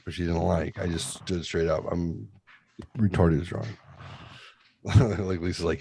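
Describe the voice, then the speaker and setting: Young male host, very low voice, dry close sound, rambling and profane storyteller. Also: unhurried, long pauses, husky, no room sound. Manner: profane, rambling, animated retelling. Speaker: podcast host. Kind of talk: casual storytelling.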